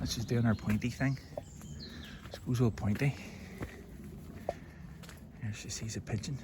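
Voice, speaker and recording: A man with a Derry accent rambles along at an unhurried, easy pace, drifting between topics in a chatty, self-deprecating way. He records on a phone held out on a stick during a country walk. Birds and steady outdoor noise are clear behind his voice. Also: medium pitch. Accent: Northern Irish, Derry. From Northern Ireland. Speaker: vlogger. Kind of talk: rambling walk-and-talk chat. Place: outdoors on a rural hill walk. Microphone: phone on a selfie stick.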